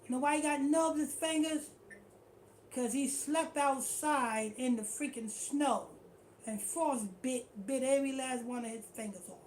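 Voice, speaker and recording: A woman's voice: sits high, unhurried, a little mellow, a little hiss or hum. A woman teaching a street-style scripture class in slangy, repetitive talk. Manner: slangy, repetitive, keeps saying "you know what I'm saying".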